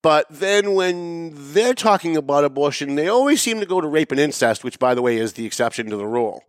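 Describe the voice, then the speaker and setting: A man hosting a political commentary show, talking sarcastically and emphatically. He swings between raised, pointed emphasis and low asides. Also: animated, brisk, no echo, clean studio sound. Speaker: show host. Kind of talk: opinionated political commentary monologue.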